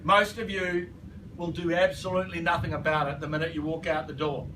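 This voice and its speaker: A man's voice: on the high side, little pitch movement, brisk. A man giving a motivational business training talk to a live audience. He speaks emphatically, repeats his points and keeps asking the room to agree. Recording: distant mic, noisy room.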